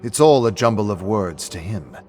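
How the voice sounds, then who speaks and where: A man narrating a story in a steady, matter-of-fact way. His voice sits low. Soft music runs faintly behind him. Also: moderate pace.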